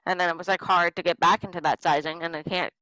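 A woman in her thirties from the American Midwest, co-hosting a casual podcast, chatty and candid and quick to laugh. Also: lowish voice, steady tone, sharp tone, no echo, poor audio. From Midwestern United States. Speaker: podcast co-host.

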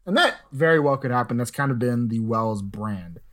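A young adult man hosting a casual sports podcast, chatty and opinionated, often letting his sentences trail off low. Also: animated, moderate pace. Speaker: podcast host.

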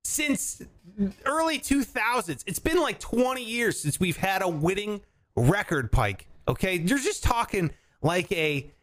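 A man co-hosting a casual chat, animated and prone to loud excited shouts. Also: high-pitched, unhurried. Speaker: podcast co-host.

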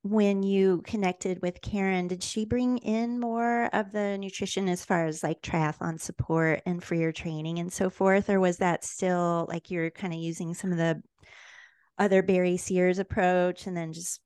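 A woman's voice: fairly low pitch, fairly even intonation, a little slow, darkish tone, clear, resonant tone, no echo. A woman co-hosting a podcast, asking the guest easygoing, rambling questions. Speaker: podcast co-host. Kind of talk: interview questions.

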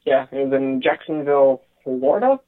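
A man's voice: medium pitch, animated, normal speed. A man phones in to a talk show, his voice squeezed thin by the phone line. He talks casually, stopping and restarting with plenty of fillers and the odd chuckle. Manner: hesitant, many fillers, laughs often. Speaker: caller. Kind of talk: casual call-in chat.

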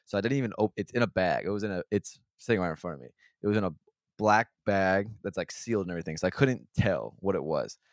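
A man's voice: low voice, expressive, quick pace, dry recording, clean studio sound. A man hosting a podcast, telling a rambling, profane story in casual chat. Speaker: podcast host.

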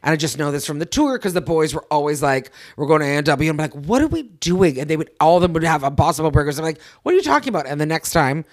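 A man co-hosting a casual chat, animated and full of quick agreements and restarts. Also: fairly high pitch, no room sound. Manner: animated, lots of yeahs and restarts.

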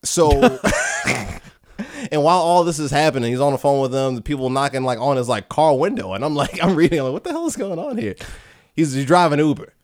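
A man's voice: a little high, very animated, a little fast. A man in casual chat, retelling a comic book plot in a rambling way, repeating words, laughing often and acting out the quotes.

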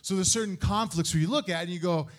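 A man telling a story on stage at a live podcast, profane and lively, cutting in on his wife. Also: sits high, quick pace.

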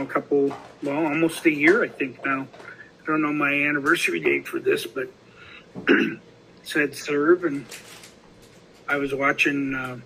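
A man with a bright, somewhat high voice hosts a casual podcast chat. He rambles through his stories with lots of restarts and fillers, and a faint hiss of noise sits under the recording. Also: low-quality recording. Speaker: podcast host.

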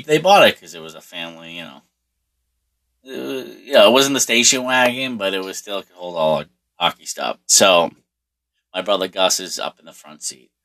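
Deep, bright-toned man. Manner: rambling, profane, with many restarts and fillers. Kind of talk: casual storytelling monologue.

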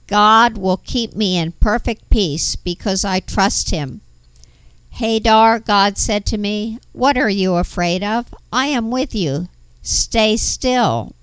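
Slow, smooth-voiced woman narrating testimony. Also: medium pitch, dry recording. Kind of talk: first-person testimony narration.

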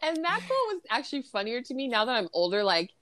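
A woman's voice: fairly high pitch, very animated, fast talker, a bit bright, dry recording. Giggly woman podcast co-host. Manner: giggly, acts out quotes with voices. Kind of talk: casual chat recapping a movie.

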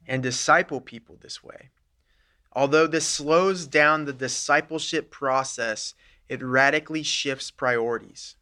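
A man leads a church group in an informal teaching session, his voice bright and forward. He talks earnestly and conversationally, walking listeners through ideas one step at a time at a moderate, even pitch.

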